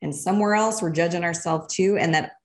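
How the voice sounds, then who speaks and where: Reflective woman guest, lower voice. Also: a little fast. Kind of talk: casual interview conversation.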